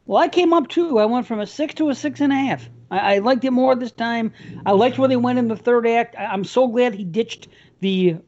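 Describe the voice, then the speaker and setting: A man's voice: very high voice, fairly quick, darkish tone. A man co-hosting a podcast, giving blunt, joking takes in a casual movie review chat. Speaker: podcast co-host. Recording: muffled lo-fi audio.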